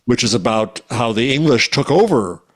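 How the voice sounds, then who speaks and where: A man's voice: medium pitch, animated, moderate pace. A man cohosting a podcast, chatting eagerly about books and stumbling over restarts. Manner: enthusiastic, restarts often. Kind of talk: casual chat.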